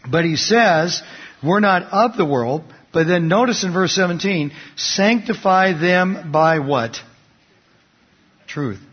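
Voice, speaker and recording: A man with a somewhat high, breathy voice preaches a sermon in an easy, conversational way, asking his listeners questions and sharing stories. The sound is muffled and lo-fi, with a long hall echo behind him. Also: lively intonation, slow pace. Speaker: pastor. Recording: dull lo-fi recording in a reverberant hall.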